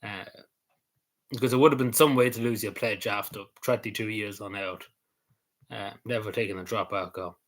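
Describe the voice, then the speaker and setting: A man's voice: fairly low pitch, fairly even intonation, fairly quick. Rambling Irish man chatting casually. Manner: meandering, full of ums and likes. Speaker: streamer.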